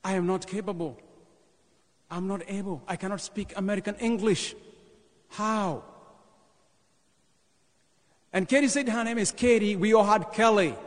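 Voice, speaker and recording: A man from Kenya in his thirties gives an animated sermon, retelling his own mission story and drawing in the congregation. His voice sits a little high for a man, and a long church reverb trails behind each phrase. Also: normal speed, long pauses. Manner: animated testimony, calls to the congregation. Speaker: parish mission speaker.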